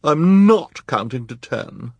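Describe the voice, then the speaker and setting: A man's voice: low-pitched, big pitch swings, measured pace, slightly rough, dry recording, muffled recording, heavily acted. A man voicing a vain, pouting fashionable woman in a storybook reading, in a raised, haughty voice. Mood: pouty. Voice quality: pouty, haughty.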